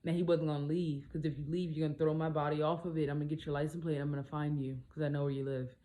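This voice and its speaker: A woman and single mom telling a story in a casual vlog, animated and blunt, swearing freely. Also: low voice, fast.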